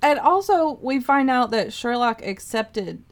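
A woman's voice: fairly high pitch, animated, unhurried. A woman co-hosting a casual podcast, talking through an episode in a hesitant, hedging way with many fillers. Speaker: podcast co-host. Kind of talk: casual chat recapping a TV episode.

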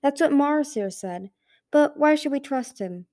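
A woman's voice: sits high, lively intonation, normal speed, warm tone, dry recording, clean studio sound, pitched above the performer's own voice. A woman voicing a young female dragon who talks with bitter, emphatic exasperation. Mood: frustrated. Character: young female dragon, frustrated, hurt, earnest.

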